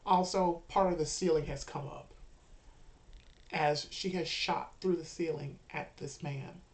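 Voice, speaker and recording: A woman's voice: low-pitched, steady tone, measured pace, a little mellow. A woman running a live-streamed tabletop role-playing game as game master, narrating with sudden dramatic outbursts.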